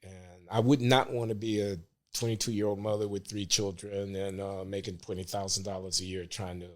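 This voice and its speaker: An older man as a podcast guest, speaking earnestly and in measured terms. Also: fairly low pitch, level tone. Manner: earnest, measured, grows emotional. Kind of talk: casual podcast interview.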